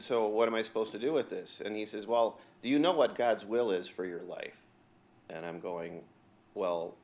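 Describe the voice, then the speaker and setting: A man in his forties, a clergyman giving an invocation at a county board meeting, telling a personal story in an unhurried way with frequent filler pauses. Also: fairly low pitch. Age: 40s.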